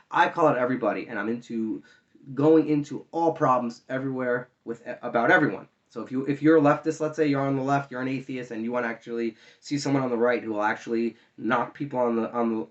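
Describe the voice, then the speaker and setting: A man's voice: medium pitch, highs cut off. A man arguing his views in a casual, rambling monologue to his viewers, with frequent fillers and restarts. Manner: conversational, argumentative, many fillers and restarts. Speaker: online commentator.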